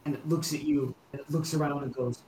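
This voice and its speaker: A man's voice: a little high, fairly even intonation, fairly quick, over a noisy crowd. A man narrating as game master of a tabletop game, rambling with restarts and filler words. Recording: roomy echo.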